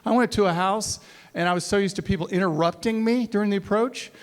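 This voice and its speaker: A middle-aged man giving a playful, animated motivational talk to sales trainees, acting out scenes with silly voices. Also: high-pitched, quick pace, big-room sound. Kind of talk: animated storytelling talk to a live audience. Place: large hall before a college audience.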